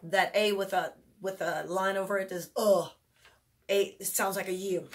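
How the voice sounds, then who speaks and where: A woman's voice: medium pitch, steady tone, normal speed. A woman casually walking parents through memory work, chatty and self-correcting, chanting and singing words while showing hand motions and dropping in mild faith phrases. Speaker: homeschool teacher reviewing memory work. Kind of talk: casual instructional walkthrough.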